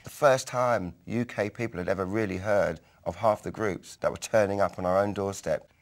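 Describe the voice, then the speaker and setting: A man from North London with a London accent, telling stories in a documentary about his days as a music photographer. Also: moderate pace. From North London, England. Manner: animated storyteller who bursts higher and louder when acting out quotes. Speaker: photographer recalling his youth. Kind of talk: documentary storytelling.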